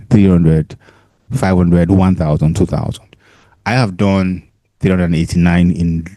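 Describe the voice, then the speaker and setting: A Nigerian man with a low, mellow voice talks straight to the viewer, laughing easily and repeating himself to drive points home. He speaks into a handheld mic, and the sound is close and dry. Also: no echo. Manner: chatty, laughs often, repeats himself for emphasis. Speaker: host. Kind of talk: casual pitch to camera.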